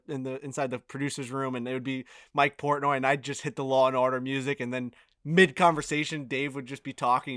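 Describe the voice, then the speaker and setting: A man's voice: medium pitch, dry recording. A man co-hosting a podcast, chatting loosely and swearing freely as he tells stories. The sound is close and dry with no room around it. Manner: animated storytelling, heavy swearing. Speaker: podcast co-host. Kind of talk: casual chat.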